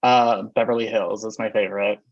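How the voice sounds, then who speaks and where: A man's voice: on the low side, steady tone, a little fast, dry recording, muffled recording. A man chatting as a podcast guest in a gossipy way, laughing often. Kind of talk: casual chat.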